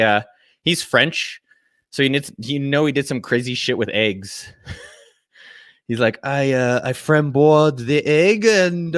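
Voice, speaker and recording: A man's voice: medium pitch, fairly bright tone, dry recording, studio quality. A man hosting live office hours from a friend's home, chatting casually, joking, swearing freely and greeting viewers by name. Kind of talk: casual livestream chat.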